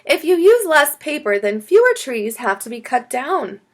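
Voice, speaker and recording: A cheerful schoolteacher patiently explains things to her class in a bright, lively voice. A woman puts her on while reading a children's book aloud. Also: high-pitched, normal speed, pitched above the performer's own voice. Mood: instructive. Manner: patient, instructive.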